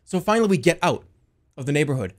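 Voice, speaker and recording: Young man, casual storytelling, rambling, sweary, panicky outbursts, slightly high voice. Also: big pitch swings, fast talker. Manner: rambling, swears a lot, restarts, jumps into loud panicked quotes. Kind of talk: casual storytelling, recounting a dream.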